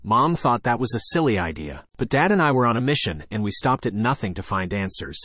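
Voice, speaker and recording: A man narrating a children's chapter book in the first person, reading in a lively, conversational way. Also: mid-range voice, a little fast, dry recording. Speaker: audiobook narrator.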